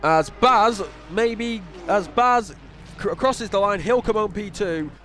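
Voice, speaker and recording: High-voiced northern English race commentator. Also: male voice, slow pace, fairly bright tone, soft background music. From northern England. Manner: casual, rambling, self-deprecating asides. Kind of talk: sim racing commentary.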